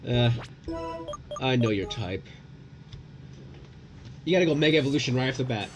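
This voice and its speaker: Excitable swearing young man gaming. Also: mid-range voice, normal speed. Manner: excitable, swears at the game, yelling bursts. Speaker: gaming YouTuber. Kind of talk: let's play commentary. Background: game music.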